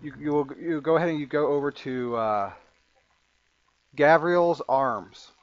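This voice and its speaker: A man narrating as game master of a tabletop game, halting and full of fillers. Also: a little high, no echo, dull audio. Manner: halting, with many fillers and restarts.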